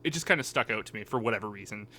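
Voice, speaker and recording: A man's voice: on the low side, animated, rapid-fire, bright, forceful tone, slight background noise. A man co-hosting a casual anime podcast, rambling and hesitant, often trailing off and starting again. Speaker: podcast co-host. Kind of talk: casual chat.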